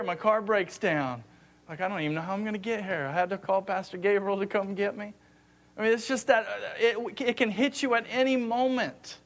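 High-voiced man preaching a sermon. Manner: earnest, drops to a hushed low voice for emphasis; repeats words as he gathers thoughts. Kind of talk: conversational sermon.

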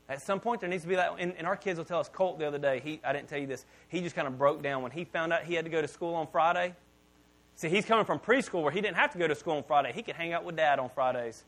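A male pastor in his thirties delivers a sermon in an easygoing, conversational way. He keeps checking in with the congregation and wanders into side remarks. His speaking voice sits somewhat high for a man. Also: fast, fairly bright tone. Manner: casual, conversational preaching with asides to the audience. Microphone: podcast mic.

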